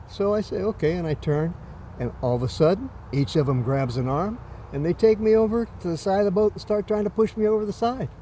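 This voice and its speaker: A man's voice: high voice, brisk, mellow, slight background noise. A man casually recounting a dream in a rambling, self-deprecating way. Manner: rambling, self-deprecating, with many fillers and restarts.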